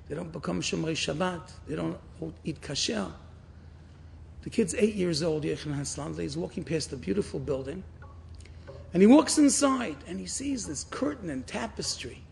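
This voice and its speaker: A man giving a sermon, a rabbi telling stories with dramatic swings between loud and hushed. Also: on the high side, gravelly, a little hiss or hum. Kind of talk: inspirational sermon with storytelling.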